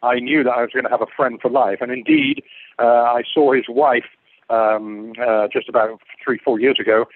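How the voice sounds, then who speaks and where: A man's voice: medium pitch, flat delivery, normal speed, a little hiss or hum. An older man from England, a guest telling rambling stories that digress and lose the thread. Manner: digressive, repeats words, loses his thread. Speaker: guest actor. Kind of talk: rambling interview anecdotes. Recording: muffled phone-like call line.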